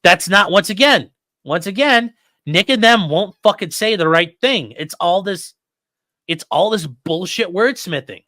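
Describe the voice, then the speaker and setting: A man's voice: high-pitched, animated, unhurried, sharp tone, no echo, studio quality. A man hosting live legal commentary, talking bluntly and with lots of swearing. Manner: blunt, profane, exasperated. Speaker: lawyer and commentary host.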